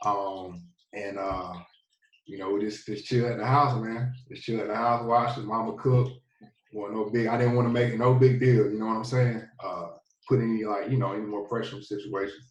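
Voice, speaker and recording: This laid-back Southern man, a former football player, rambles through a casual storytelling interview as a podcast guest, leaning on many fillers. His fairly low voice is a little fast with fairly even intonation, and the echoey, roomy recording has the highs cut off and places him a bit far from the mic.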